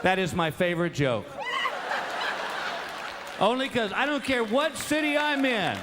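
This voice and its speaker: High, lively middle-aged stand-up comedian. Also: male voice, unhurried. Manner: animated, exasperated storytelling that slips into put-on voices. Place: comedy stage before a live audience. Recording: live show with loud crowd noise.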